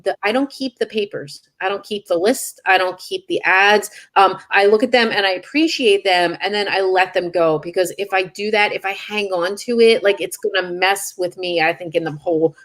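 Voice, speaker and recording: A woman's voice: mid-range voice, fairly bright tone. A middle-aged woman author being interviewed, candid and self-deprecating as she tells anecdotes. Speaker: author guest. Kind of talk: casual interview chat.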